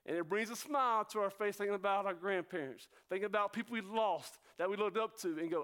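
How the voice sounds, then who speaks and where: A male pastor preaching a sermon, talking fast and excitedly, then slowing down to stress key words. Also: sits high. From North Carolina.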